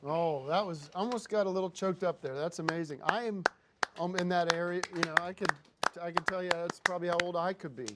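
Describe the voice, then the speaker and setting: A man's voice: high-pitched, steady tone, brisk, heavy background noise. A man hosting a comedic live show, bossy, blunt and profane as he directs a performer. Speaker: host.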